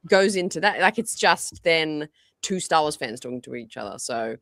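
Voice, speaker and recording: A woman's voice: deep voice, no room sound, studio quality. A woman guest on a podcast, chatting casually and animatedly, with lots of fillers and restarts. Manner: animated, fast, full of likes and restarts.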